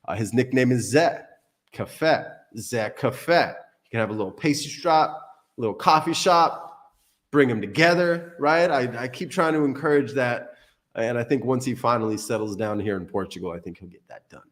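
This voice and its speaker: A man's voice: mid-range voice, normal speed. A man hosting a casual livestream, rambling and joking between tech tips, swearing casually. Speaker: crypto livestream host. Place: Portugal.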